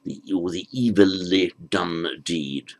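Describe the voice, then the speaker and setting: Low-voiced guy going through a text word by word, real slow and patient. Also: gravelly, rough recording. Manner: recites the verse slowly. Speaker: Pali language teacher. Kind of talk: unhurried lesson on a verse.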